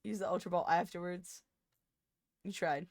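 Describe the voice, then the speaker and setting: A young woman streamer chatting casually with her chat, rambling and interrupting herself, now and then breaking into loud laughter. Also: on the low side, steady tone, moderate pace, dry recording, studio quality.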